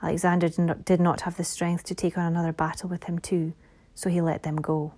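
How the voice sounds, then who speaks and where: Soft-voiced woman narrating a fantasy. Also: lowish voice, flat delivery. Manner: soft, measured reading that drops to a whisper at times. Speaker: audiobook narrator.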